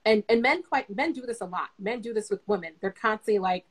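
A young adult woman guest speaking as a therapist, giving advice in a relaxed, conversational way with many fillers. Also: medium pitch, a little fast, husky, poor audio. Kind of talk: casual advice chat.

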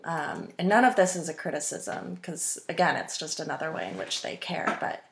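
A woman's voice: low voice, very animated, moderate pace, creaky. A woman in her twenties, a runner guest on a podcast, chatting casually and rambling with many ums and restarts. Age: 20s. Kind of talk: casual interview chat.

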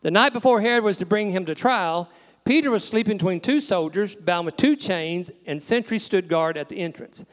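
A man's voice: sits high, lively intonation, normal speed, in a large hall. A man who is a pastor, preaching a sermon in a folksy, storytelling way. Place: church.

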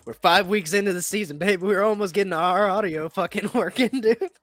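A man's voice: sits high, a little fast, fairly bright tone. A young man hosting a casual sports podcast, talking in a blunt, profane, rambling way. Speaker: podcast host.

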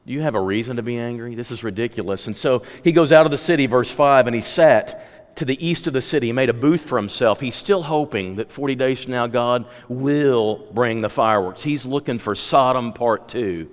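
A man's voice: mid-range voice, normal speed. A man preaching a sermon, conversational at times and rising to impassioned exhortation. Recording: long hall reverb.

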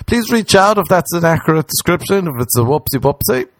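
A man from Ireland with an Irish accent, doing a crude comedic monologue that rambles and jumps into silly squeaky voices. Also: sing-song, moderate pace, no echo, clean studio sound.

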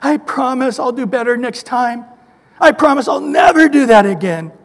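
Preacher putting on a frantic man begging for mercy: high, pleading, repetitive, in a reverberant hall. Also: moderate pace. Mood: desperate pleading. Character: frantic adult man begging God for forgiveness. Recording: echoey hall with long reverb.

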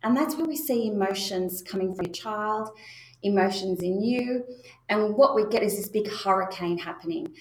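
Woman teaching parents in an echoey room. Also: medium pitch. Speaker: parenting educator. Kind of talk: spoken parenting lesson.

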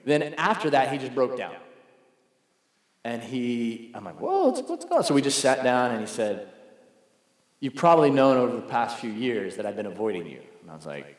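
Male pastor, conversational storyteller, mid-pitched, big reverberant room. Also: moderate pace. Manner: conversational storytelling, acts out quoted voices. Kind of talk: sermon. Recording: echoey hall.

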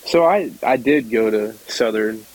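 A man's voice: lowish voice, measured pace, crowd noise, low-quality recording. Chatty young man telling a story. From South Georgia, United States. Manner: chatty, laughs often, acts out voices in his stories. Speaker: podcast guest. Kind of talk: casual storytelling.

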